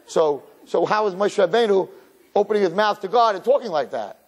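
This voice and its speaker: Rabbi guy teaching, really lively ups and downs, talks right to the room. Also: sits high, brisk. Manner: dramatic, conversational, asks the audience questions. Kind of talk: animated Torah class.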